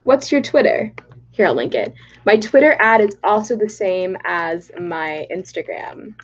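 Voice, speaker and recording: A young woman talks casually to her livestream viewers from home, bubbly and quick to giggle as she reads their comments aloud. Her voice sits at a middling pitch, and the stream audio is a little dull and muffled. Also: animated. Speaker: livestream host. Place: home in Texas.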